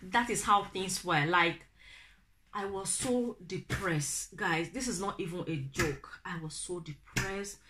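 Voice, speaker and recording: Young Nigerian woman vlogger, Nigerian accent, low-pitched, animated storyteller, faint noise behind. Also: slow pace. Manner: animated, acts out quoted family members in raised voices. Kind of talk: casual storytelling to camera.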